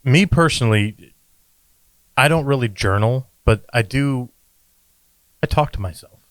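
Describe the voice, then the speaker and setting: A man's voice: mid-range voice, expressive, a little slow, fairly bright tone, no room sound, low-quality recording. A man chatting earnestly on a podcast, encouraging and often restarting his words. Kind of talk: casual chat.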